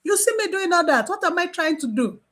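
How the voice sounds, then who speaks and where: Speaking as a mental health nurse, a woman leads an informal training talk, animated and repeating key phrases for emphasis while acting out her conversations with patients. Her voice is very high and her pace fairly quick.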